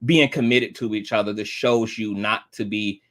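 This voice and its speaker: A man's voice: fairly low pitch, steady tone, normal speed, a bit bright. A man in his thirties hosting a livestream, talking heartfelt and tearful, repeating himself and swearing often. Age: 30s. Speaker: livestream host. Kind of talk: emotional livestream chat.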